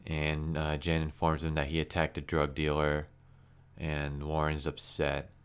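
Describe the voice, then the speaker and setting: Brief: a low-voiced, sarcastic man in casual comic-review commentary, smooth and exasperated. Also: completely flat delivery, a little slow.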